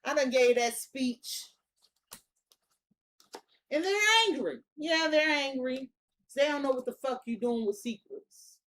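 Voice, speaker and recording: A woman giving a casual tarot reading, talking bluntly with heavy slang and swearing. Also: fairly high pitch. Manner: blunt, profane, slangy and emphatic. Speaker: tarot reader.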